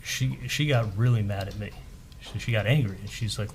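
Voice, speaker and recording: Low-voiced man testifying on the stand. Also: a little hiss or hum, low-quality recording. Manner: halting, repeats words, retells dialogue. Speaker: trial witness. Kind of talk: courtroom testimony. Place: courtroom.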